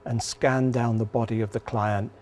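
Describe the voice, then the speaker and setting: A man calmly and earnestly presenting a spiritual healing course in an instructional video. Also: mid-range voice, normal speed.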